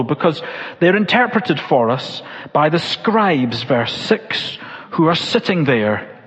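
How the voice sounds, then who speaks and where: A man preaching an expository sermon with a slightly high, husky voice. He leans on rhetorical questions and weighty pauses. The recording is lo-fi, with a long church reverb trailing each phrase.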